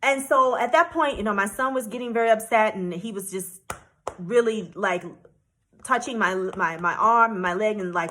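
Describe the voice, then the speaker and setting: A woman's voice: mid-range voice, moderate pace, a bit bright. A woman travel vlogger from the United States telling a personal story to camera, earnest and emotional with frequent restarts.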